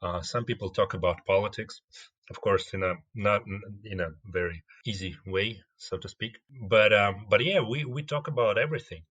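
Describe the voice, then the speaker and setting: A man with a Russian accent, a guest comedian in a casual interview, speaking in a measured way as he searches for words. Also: on the low side, fairly bright tone, breathy edge.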